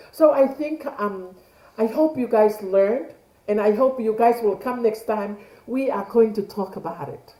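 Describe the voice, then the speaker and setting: A woman's voice: medium pitch, dark tone, roomy sound, rough recording. A middle-aged woman, leading an online class and asking rhetorical questions that she answers herself. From Tonga. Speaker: class leader. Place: home room on a video call. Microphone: video call mic.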